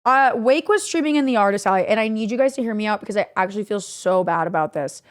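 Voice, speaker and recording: A young woman streamer casually recapping stories to her chat, animated and swearing freely. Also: mid-range voice, quick pace.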